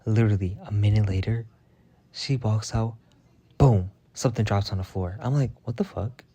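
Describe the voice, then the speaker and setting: Lowish-voiced man ranting, dark tone. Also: normal speed. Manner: profane, heated and exasperated. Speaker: vlogger. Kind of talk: casual storytime rant.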